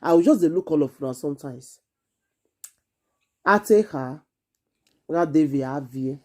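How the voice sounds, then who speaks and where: A woman with a Nigerian accent, hosting an excited monologue to camera in an emphatic, repetitive, exclaiming way. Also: low-pitched, moderate pace. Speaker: vlogger host.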